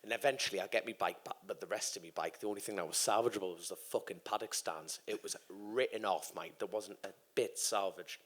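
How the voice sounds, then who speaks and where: A man's voice: low voice, quick pace, few pauses. A man in his thirties, a guest racer, telling a long sweary anecdote on stage at a live podcast event and acting out the voices of the people in it. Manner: swearing, acts out quoted voices. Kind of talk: animated live storytelling.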